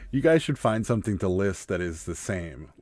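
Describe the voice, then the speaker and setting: Male co-host, lively pitch, lowish voice, dry close mic, laughs often as he tells stories. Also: no echo. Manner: animated storyteller, quick to laugh. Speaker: livestream co-host. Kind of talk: casual livestream chat.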